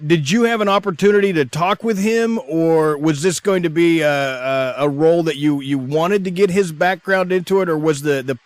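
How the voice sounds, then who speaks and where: A man's voice: fairly high pitch, moderate pace, hardly any pauses, no room sound. A man hosting a radio interview, asking long questions with many restarts and fillers.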